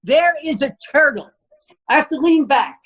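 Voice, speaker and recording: A man, a comedian guest, telling a wild story in a punchy, profane, animated way. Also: very high-pitched, normal speed. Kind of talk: comic storytelling.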